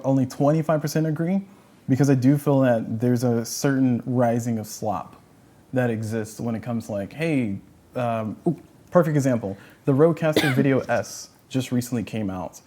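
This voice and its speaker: A man hosting a livestream panel, talking in a loose, rambling way. His voice is dark and mellow, with a middling pitch. He keeps correcting himself as he goes. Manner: rambling, self-correcting, fillers. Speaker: host. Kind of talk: casual panel chat on a livestream.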